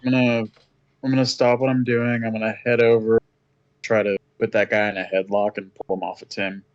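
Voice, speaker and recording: A man's voice: fairly low pitch, little pitch movement, brisk. A man playing a tabletop role-playing game, cracking crude jokes and calling the others son. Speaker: player. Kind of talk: casual tabletop game chat. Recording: muffled lo-fi audio.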